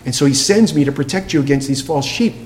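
A man preaching a sermon in an emphatic way, asking rhetorical questions and dropping to a soft hush for quoted lines. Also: fairly high pitch, quick pace. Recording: long hall reverb with faint hum.

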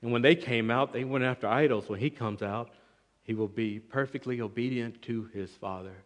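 A man preaching an expository sermon, emphatic, with swings between loud and quiet passages. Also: medium pitch, moderate pace. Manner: emphatic, rising and falling in volume, restarts words. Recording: long reverb of a large hall.

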